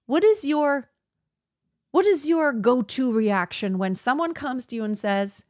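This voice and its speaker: This podcast host is a woman with a high-pitched, darkish voice, lively intonation, and an unhurried delivery, captured in a dry, studio-quality recording. Chatty and reflective, she offers advice while leaning heavily on the word "like."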